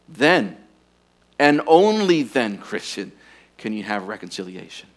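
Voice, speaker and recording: Male pastor, mid-sermon, earnest and pressing, goes quiet for emphasis. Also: medium pitch, big pitch swings, unhurried, long pauses. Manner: earnest, urging, drops to quiet intensity on key points.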